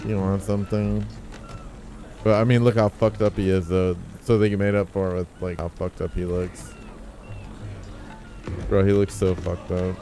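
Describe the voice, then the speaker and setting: A man streaming a game, chatting casually in a rambling, profane, excitable way. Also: low-pitched, moderate pace, long pauses, faint music behind. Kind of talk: casual gaming stream chat.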